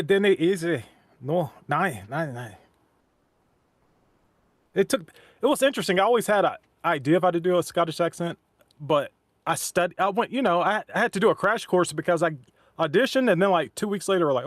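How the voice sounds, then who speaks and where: A voice actor who co-hosts a stream talks casually in a high, expressive voice at a quick pace. He rambles and restarts sentences often, and the recording is dry and studio quality.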